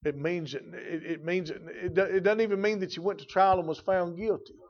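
A man's voice: high-pitched, steady tone, fairly quick, muffled recording. A man preaching a sermon in a folksy, emphatic way, his intensity rising and falling. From rural.

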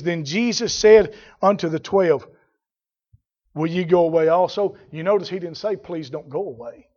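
High-voiced fiery preacher. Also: male voice, lo-fi sound. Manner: rising to shouted fervor, folksy dialect. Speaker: pastor. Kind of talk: sermon.

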